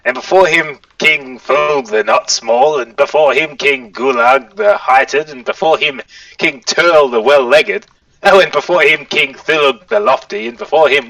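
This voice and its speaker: A man voicing a pompous small lizard king in a squeaky, nasal tone, rambling through grand proclamations. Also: vocal fry, sharp tone, no room sound, recorded from a distance, full character voice, rough recording. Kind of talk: tabletop game character voice.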